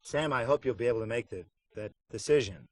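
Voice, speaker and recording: A man's voice: medium pitch, expressive, fast talker, a little mellow, dry recording. A middle-aged man in a casual behind-the-scenes interview, talking wryly and joking about voice work. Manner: wry, joking, puts on silly voices for anecdotes. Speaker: voice actor interviewed about a game.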